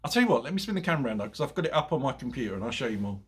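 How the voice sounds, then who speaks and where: A husky-voiced man in his fifties chats to camera from his home, hungover after a night's drinking. He tells stories in a rambling, self-mocking way and laughs at his own jokes. His pitch sits in the middle of the male range. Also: sing-song, racing, fairly bright tone. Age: 50s. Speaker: motorcycle vlogger. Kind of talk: casual chat to camera. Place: at home, indoors.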